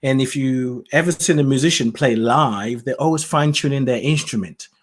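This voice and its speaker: A man's voice: medium pitch, normal speed. A man hosting his own podcast, giving a rambling spiritual talk, musing aloud, laughing often and losing his thread. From lives in the UK. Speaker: podcast host. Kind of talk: spiritual talk, casual monologue. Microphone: solo podcast mic, self-produced.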